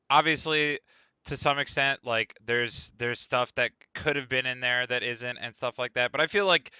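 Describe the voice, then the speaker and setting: Laid-back young man hosting, crisp bright voice. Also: medium pitch, no room sound. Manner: laid-back, filler-heavy, effusive praise. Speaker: podcast host. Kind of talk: casual interview. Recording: dull lo-fi online call audio.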